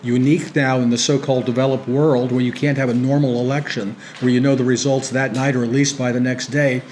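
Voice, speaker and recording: A man's voice: medium pitch, little pitch movement, a little mellow, a little hiss or hum. Dry-witted American man lecturing. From United States. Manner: dry, ironic, halting with frequent restarts. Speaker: guest speaker. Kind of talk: public lecture with banter. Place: lecture room with audience.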